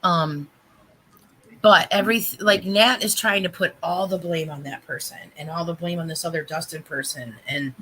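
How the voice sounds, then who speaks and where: A woman chatting on a livestream, retelling a tense story with animated, emphatic delivery. Her voice is bright and forceful, and it sits a little low. She quotes the other people in her story with lively energy. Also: normal speed, slight background noise, rough recording. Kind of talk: casual livestream chat.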